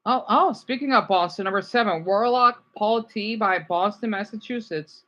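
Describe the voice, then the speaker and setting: A man chatting casually on a live stream, reacting to viewer comments in a rambling, animated way. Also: sits high, normal speed, muffled recording. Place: home room, keeping voice down.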